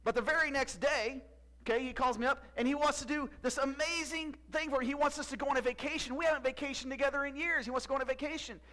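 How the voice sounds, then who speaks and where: Man doing a gushing middle-aged wife, high and loud, breathless with glee, told within a sermon. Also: fairly even intonation, fast talker. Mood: giddy.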